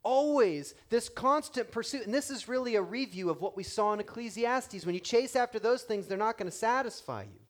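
A man in his thirties preaching a sermon, animated, voicing the people he quotes and swinging between loud and hushed delivery. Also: high voice, brisk, few pauses. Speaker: pastor.

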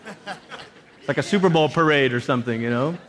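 A man preaching a sermon, animated, with joking asides and voices put on for quotes. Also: mid-range voice, quick pace. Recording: long reverb.

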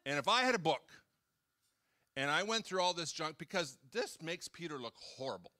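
At normal speed, a pastor with an expressive, sharp voice on the high side preaches in a church hall. He keeps the sermon casual and chatty, joking with the congregation and acting out quotes.

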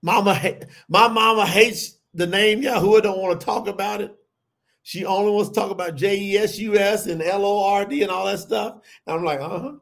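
Middle-aged man, animated sermon delivery, high and gravelly, keeps turning to the audience. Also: normal speed. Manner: animated, addresses the audience as y'all. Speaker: preacher.

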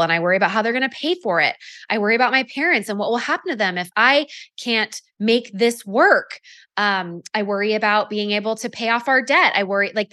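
A woman's voice: mid-range voice, bright, forceful tone, no room sound, clean studio sound. A woman hosting a podcast, coaching listeners in a chatty, upbeat way with many casual fillers. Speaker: podcast host and network marketing coach. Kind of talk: solo podcast teaching.

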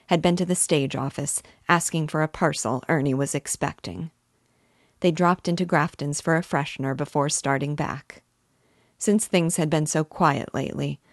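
A woman narrating a novel aloud in a steady, measured way. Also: sits low, no echo, studio quality.

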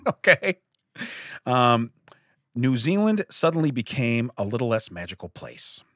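Jokey man, lively voice. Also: mid-range voice, unhurried, dry recording, studio quality. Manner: jokey, reads news stories aloud with asides. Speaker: podcast co-host. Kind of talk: casual chat.

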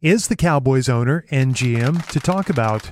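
A man hosting a morning radio show, smoothly introducing a caller. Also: mid-range voice, animated, moderate pace, darkish tone, slight background noise. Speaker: radio host.

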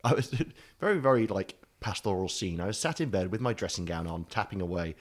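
A man's voice: sits low, animated, brisk. A British man co-hosting a podcast, chatting casually, rambling and self-mocking, swearing freely. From Britain. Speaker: podcast co-host. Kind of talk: casual chat.

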